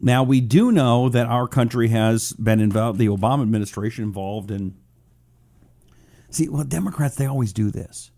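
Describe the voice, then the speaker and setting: A man's voice: mid-range voice, normal speed, dark tone. A man hosting a political talk radio show, rambling casually, joking at his own expense and reading listener comments aloud.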